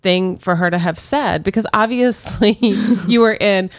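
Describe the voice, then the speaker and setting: A woman's voice: mid-range voice, a little slow, dry recording. A woman in casual conversation, supportive and affirming, sharing her own experiences. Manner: supportive, frequent affirming "yeah" and "right".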